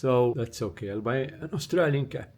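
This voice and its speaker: A Maltese-accented man gives a casual vlog tour of a hotel room, talking easily into a handheld camera at a middle pitch. He rambles in a friendly way and pauses on little fillers as he goes. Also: slightly rough. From Malta. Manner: chatty, relaxed, thinks aloud with fillers. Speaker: travel vlogger.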